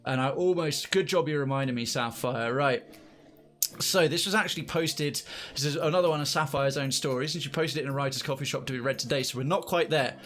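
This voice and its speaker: A man's voice: medium pitch, brisk, a bit bright. A man streaming live, reading a story and chatting to viewers in a rambling, self-correcting way.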